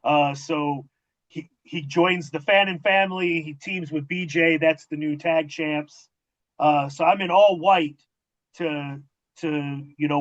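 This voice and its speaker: A man hosting a wrestling interview, telling backstage stories casually, with profanity and acted-out dialogue. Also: fairly high pitch. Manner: profane, animated storytelling with quoted dialogue. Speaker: podcast host and former wrestling manager. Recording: dull lo-fi audio.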